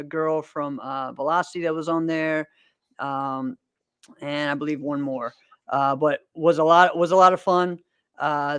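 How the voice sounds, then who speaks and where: A man's voice: fairly high pitch, fairly bright tone, clear, resonant tone, no room sound. A man in his thirties hosting a podcast, chatting casually in an upbeat, rambling way with lots of fillers and frequent laughter. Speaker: podcast host and martial arts competitor. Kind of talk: casual chat.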